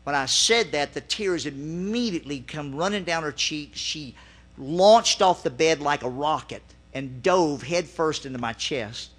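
Middle-aged male preacher, story-driven sermon, forceful bright tone, fairly high voice, acts out his own lines. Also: animated, unhurried.

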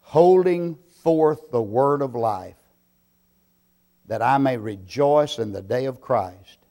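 A man preaching a sermon, slow and deliberate, swelling into loud emphatic bursts. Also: medium pitch, lively intonation.

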